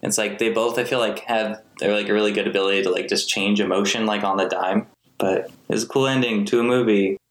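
A man's voice: fairly low pitch, fairly even intonation, brisk. A man co-hosting a podcast, rambling loosely with plenty of "like"s and restarts. His voice carries a roomy echo, as if recorded in an open room. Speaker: podcast co-host. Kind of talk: casual chat.

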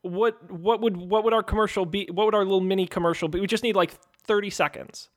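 Guy co-hosting a chatty podcast, kinda high voice, laid back and jokey. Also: fairly even intonation, quick pace. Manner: easygoing, jokey, plugs shows. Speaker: podcast co-host. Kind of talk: casual podcast chat.

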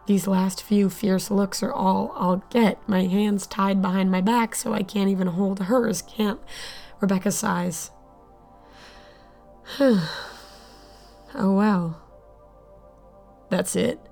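A woman's voice: mid-range voice, fairly even intonation, measured pace, vocal fry, dark tone, soft background music. A woman narrating an audio drama in the first person, sardonic and blunt, swearing freely. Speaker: narrator and lead character.

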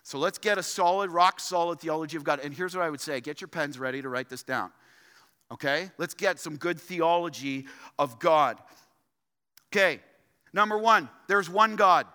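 A male pastor preaching from the pulpit of a church, his high, bright voice hammering home points with emphatic repetition. Long reverb trails every phrase. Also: moderate pace, smooth. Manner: emphatic, repeats key phrases for stress. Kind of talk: sermon. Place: church sanctuary.

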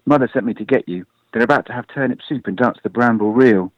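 A man's voice: mid-range voice, quick pace, dry recording, highs cut off, natural voice. A man voicing a stern, bossy older sister rabbit in a storybook reading, scolding and lecturing.

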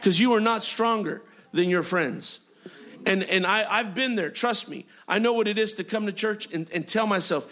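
A man's voice: high voice, moderate pace, bright, forceful tone. A man preaching a sermon as pastor, driving his points with repeated phrases and frequent amens and hallelujahs. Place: church sanctuary.

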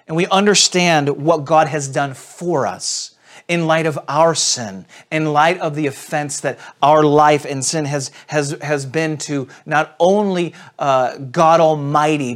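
A male pastor preaching a sermon to people watching online, in an earnest, direct manner. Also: on the high side. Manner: earnest, direct address with repetitions.

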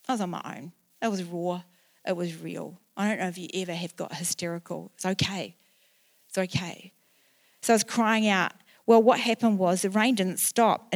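A woman in her sixties with a New Zealand accent, preaching a sermon in church and telling a personal story earnestly, with emotional rises. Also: mid-range voice. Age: 60s. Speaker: pastor.

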